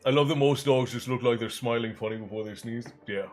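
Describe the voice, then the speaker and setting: A man's voice: medium pitch, fast, faint music behind. Chatty male streamer. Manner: chatty, reads chat aloud and thanks viewers. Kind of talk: casual live-stream chat.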